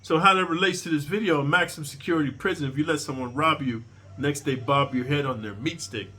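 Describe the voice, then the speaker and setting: A man's voice: on the high side, brisk, sharp tone. A man telling a prison story in a casual, profane, streetwise way, lecturing his listeners.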